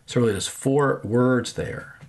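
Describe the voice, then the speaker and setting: A man leading a guided prayer meditation, speaking gently with long pauses and soft trailing endings. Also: medium pitch. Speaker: pastor. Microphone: podcast microphone.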